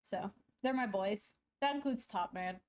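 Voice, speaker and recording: A woman's voice: mid-range voice, measured pace, a little mellow. A woman artist chatting casually with her stream viewers while drawing, giggling often and joking about herself in a rambling way. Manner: giggly, rambling, laughs often mid-sentence; playful self-mocking banter.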